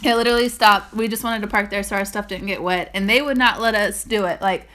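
A woman's voice: medium pitch, steady tone, quick pace, few pauses, a bit bright. A woman casually telling a story with her partner, chatty and quoting people. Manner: chatty, laughs often, quotes people.

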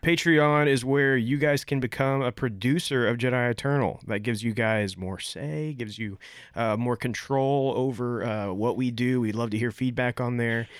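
A man's voice: mid-range voice, normal speed, clear, resonant tone, no room sound. A man hosts a laid-back podcast with a mid-range voice. He rambles with fillers and cracks jokes as he goes. The sound is dry and close, with no room around it. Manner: loose and jokey, rambling with fillers. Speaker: podcast host. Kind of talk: casual podcast chat.

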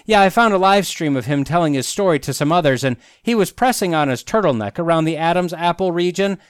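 A man hosts a podcast in a clear, smooth voice, full of deadpan irony and mock outrage. His pitch swings widely as he plays up the sarcasm. The sound is dry and close, with no room around it. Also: brisk, no room sound. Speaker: podcast host. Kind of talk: sarcastic satirical commentary.

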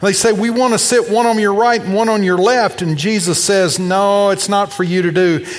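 Man, pastor, sermon, high voice, echoing hall, acts out voices, loud and soft turns. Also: steady tone, moderate pace. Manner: storytelling preacher acting out voices, shifting loud and soft. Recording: long reverb of a hall.

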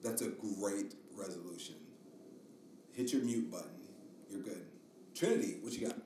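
A man's voice: on the low side, normal speed, dark tone, reverberant, distant mic, slight background noise. A middle-aged man hosting a casual family podcast, joking and mock-stern with his kids. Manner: teasing, jokey, mock-stern. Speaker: podcast host and father.

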